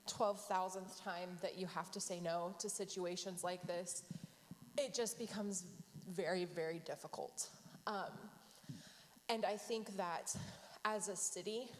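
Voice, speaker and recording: A woman's voice: medium pitch, in a large hall. A woman who works at an aid organization, speaking earnestly and with emotion in a panel discussion.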